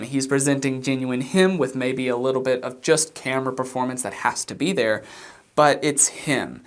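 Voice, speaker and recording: A man giving reaction commentary as a body language analyst, explaining things in a measured way. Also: on the high side.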